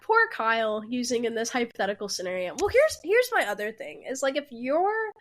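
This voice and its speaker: A twenty-something woman rambles through a casual podcast chat, stopping and restarting her thoughts. Her voice sits a little high and swoops up and down with animated energy. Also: brisk, a little hiss or hum. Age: 20s. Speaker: podcast co-host.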